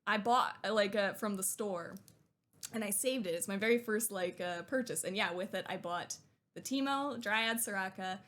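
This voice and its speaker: A young woman streamer chatting excitedly while unboxing, gushing and talkative. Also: mid-range voice, normal speed.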